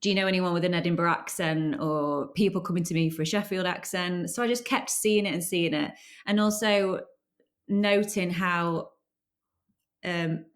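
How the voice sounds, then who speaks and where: A woman's voice: lowish voice, fairly even intonation, moderate pace. A woman actor and company founder telling her story as a podcast guest in an enthusiastic, chatty way. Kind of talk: casual interview chat.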